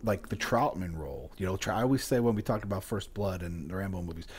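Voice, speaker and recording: A man's voice: low voice, fast talker, a little mellow, husky. A man co-hosting a casual movie podcast, sharing film trivia in a loose, rambling way. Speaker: podcast co-host.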